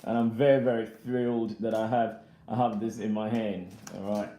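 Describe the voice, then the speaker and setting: Chatty young man, mellow voice. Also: fairly low pitch, level tone, moderate pace, echoey room. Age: young adult. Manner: chatty, rambling, reads and answers viewer comments; laughs often between remarks. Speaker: vlogger. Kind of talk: casual live-chat unboxing.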